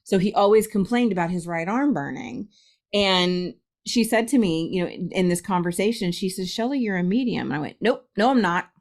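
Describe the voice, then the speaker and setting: A woman's voice: on the low side, animated, fairly quick, a little mellow. A middle-aged woman from Ohio, a guest medium, telling a story in a casual interview, laughing often and acting out quotes.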